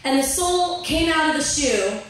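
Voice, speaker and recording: A young woman from Virginia performing a stand-up set in a bar, deadpan with filler pauses, sometimes laughing at her own jokes. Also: high-pitched. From Virginia, USA. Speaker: stand-up comic. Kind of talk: open-mic stand-up set. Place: bar stage. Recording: roomy bar audio from a distant mic.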